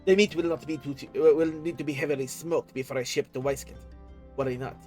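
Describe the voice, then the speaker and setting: A man's voice: on the high side, steady tone, a little fast, darkish tone, faint music behind, close to an everyday voice, rough recording. A man reading aloud the lines of a dignified older sea captain in a game, using formal, old-fashioned phrasing. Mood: earnest.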